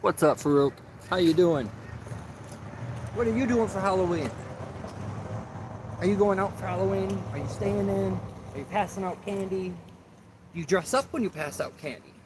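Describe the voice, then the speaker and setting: A man's voice: high-pitched, moderate pace. A man from Florida hosting a casual livestream outdoors while fishing, chatting and tossing questions to his viewers. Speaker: livestream host. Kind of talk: casual live-stream chat with viewers. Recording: noisy outdoor livestream audio.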